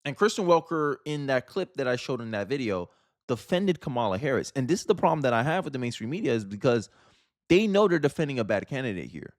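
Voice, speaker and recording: A man's voice: mid-range voice, very animated, quick pace, no echo, clean studio sound. A man from Florida hosting casual political commentary, talking emphatically with slang and frequent restarts.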